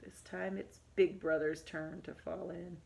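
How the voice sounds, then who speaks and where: A woman's voice: on the low side, vocal fry. A woman teacher reading a storybook aloud to young children, adding asides. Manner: animated, expressive, pauses to comment.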